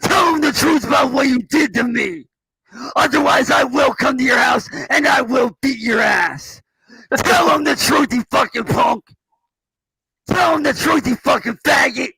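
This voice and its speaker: A very high-pitched man with a raspy, gravelly voice screams profanity and threats nonstop. His tone is sharp and harsh, and the sound is dry and close. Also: unhurried, no echo, rough recording. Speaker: streamer in a played clip.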